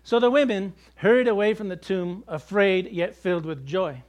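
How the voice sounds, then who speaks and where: A man's voice: sits high, moderate pace. A man preaching a sermon in a conversational way, with jokes and acted-out quotes. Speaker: pastor.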